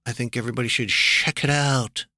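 Rambling, wry podcast host. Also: male voice, mid-range voice, steady tone, brisk, heavy background noise. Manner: rambling, filler-heavy, wry. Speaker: podcast host reviewing TV shows. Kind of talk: casual chat.

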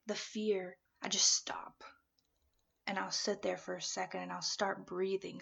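A woman's voice: medium pitch, creaky, muffled recording. A woman talking earnestly and chattily about her faith, with lots of "you know" fillers. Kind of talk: personal faith talk to camera.

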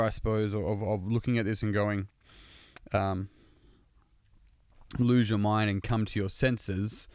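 A man's voice: fairly low pitch, clear, resonant tone, dry recording, studio quality. A man talking casually and earnestly about breathing and being present, swearing freely as he goes. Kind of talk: casual motivational monologue.

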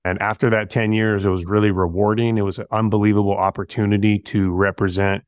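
A middle-aged man, a firefighter guest, telling stories in a relaxed, slangy way and acting out bits of dialogue. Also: fairly low pitch, a little fast, no echo. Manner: laid-back, slangy, acts out dialogue. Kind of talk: casual storytelling interview.

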